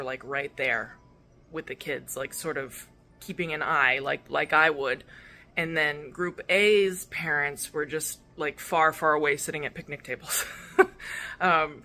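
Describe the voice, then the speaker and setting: A woman's voice: low-pitched, pushed and bright. A young woman and mother telling a story in a casual vlog, candid and emotional, rambling with fillers and restarts. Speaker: vlogger and mother.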